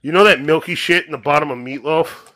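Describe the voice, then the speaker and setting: A man's voice: a little high, a little fast, sharp tone. A man hosting a casual podcast, telling crude stories in a profane, rambling way. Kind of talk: casual crude joke chat.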